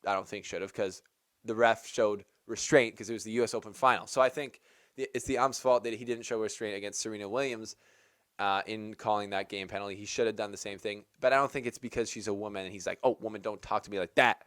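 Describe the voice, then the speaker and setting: Chatty low-voiced man giving his take. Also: fairly even intonation, fast talker, a bit bright, smooth, no room sound, studio quality. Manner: chatty, rambling, heavy use of "like". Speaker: tennis channel host. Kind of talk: casual opinion commentary.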